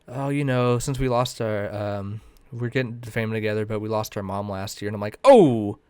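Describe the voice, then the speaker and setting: A man's voice: lowish voice, fairly even intonation, a little fast, darkish tone, clear, resonant tone. A man in his twenties co-hosting a podcast, telling rambling, self-mocking stories full of swearing. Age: 20s. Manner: rambling, swears a lot, laughs at himself. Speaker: podcast co-host. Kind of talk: casual podcast chat.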